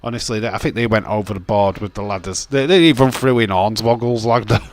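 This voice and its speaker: A man's voice: lowish voice, fast talker. A man hosts a casual wrestling watch-along stream, joking with his chat, reading viewer comments aloud and laughing often. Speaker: livestream host.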